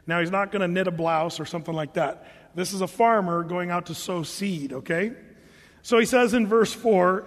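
A man preaching a casual, joking sermon, reading scripture slowly between everyday asides. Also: high-pitched, big-room sound. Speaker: pastor.

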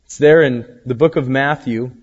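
Pastor, male, casual animated preacher; dull-toned recording with long church-hall reverb. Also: medium pitch, moderate pace. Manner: conversational, animated storytelling with acted quotes. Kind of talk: sermon.

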